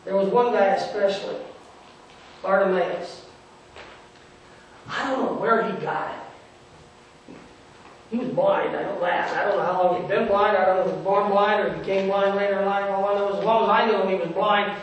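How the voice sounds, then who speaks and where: A man's voice: sits high, steady tone, normal speed, long pauses, muffled recording, a little hiss or hum, close to an everyday voice. A male pastor playing a scornful roadside merchant, telling the story in the first person in a sarcastic, dismissive way. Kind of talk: first-person dramatic sermon monologue. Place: church sanctuary. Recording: echoey church from a distant mic.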